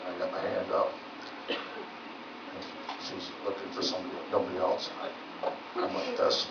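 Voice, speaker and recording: A man's voice: low-pitched, completely flat delivery, normal speed, gravelly. A man doing stand-up, telling rambling folksy stories with lots of filler words in a legion hall. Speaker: stand-up comedian. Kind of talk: stand-up storytelling. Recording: roomy, distant, dull lo-fi with noise.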